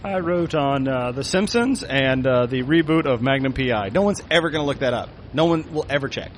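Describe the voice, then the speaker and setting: A man's voice: medium pitch, lively intonation, fairly quick, a little hiss or hum, low-quality recording. A man co-hosting a podcast, bantering casually with friends and laughing often. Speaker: podcast co-host.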